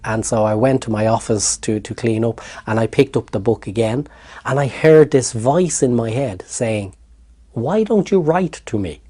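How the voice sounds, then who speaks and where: An Irish man telling his story in an interview, animated and repeating words when excited. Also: medium pitch, moderate pace. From Ireland. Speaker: interview guest.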